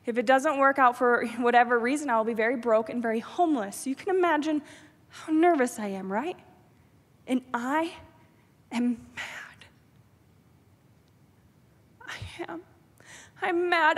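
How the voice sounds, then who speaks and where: A woman from New York delivers a devotional address with a bright, high voice. Her storytelling is emotional, rising to loud pleading and dropping to near-whispers. The sound carries a long reverb from a large theater. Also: a little slow, pauses often. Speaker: public speaker.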